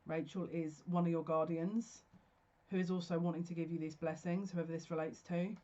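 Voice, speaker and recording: A speaker giving a solo psychic reading, talking slowly and haltingly as if receiving messages. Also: medium pitch, level tone, mellow, muffled recording. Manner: slow, searching, stop-start channeling talk. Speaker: psychic tarot reader. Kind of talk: solo general reading to camera.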